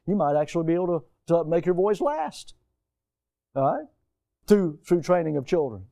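A middle-aged man preaches with an emphatic, high-set voice that jumps from near-shouting to a hushed hush. He keeps asking the congregation questions and repeating points to drive them home. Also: big pitch swings, moderate pace, clear, resonant tone. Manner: emphatic, rhetorical questions, swings between loud and hushed. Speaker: pastor. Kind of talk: sermon.

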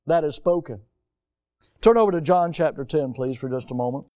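A middle-aged male pastor preaching a sermon, emphatic and fond of rhetorical questions, swinging between loud and hushed delivery. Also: high-pitched, lively intonation, moderate pace.

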